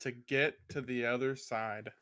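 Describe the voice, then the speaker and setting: A male podcast co-host chats casually and cracks jokes playfully, laughing at his own punchlines. His mid-range voice is pushed and bright, fairly even in intonation, at a measured pace.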